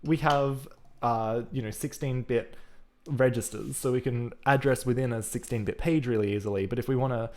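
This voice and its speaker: A man's voice: medium pitch, fairly even intonation, normal speed. A man talking casually through his code on a live stream, thinking aloud as he types. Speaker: programming livestreamer. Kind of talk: live coding commentary.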